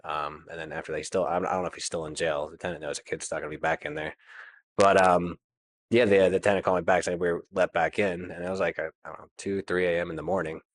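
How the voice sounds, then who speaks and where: A man's voice: deep voice, fairly even intonation, fast talker. A man, a landlord guest, telling his story casually with lots of fillers and nervous laughs.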